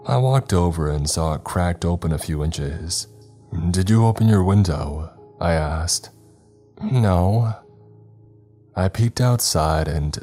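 Deep, slow male horror narrator. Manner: calm, measured storytelling. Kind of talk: scripted horror story narration. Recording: faint music bed underneath.

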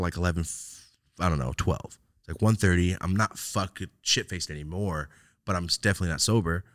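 A young man with a low voice tells a rambling story on a podcast. His pitch swings widely as he acts out what people said. The sound is dry and close. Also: no room sound. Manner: animated, profane, jumps into loud quoted outbursts. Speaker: podcast host. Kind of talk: casual storytelling chat.

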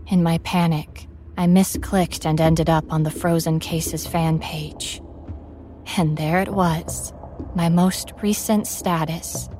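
A woman narrating a first-person horror story in a measured, grave way. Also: low-pitched, darkish tone. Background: music.

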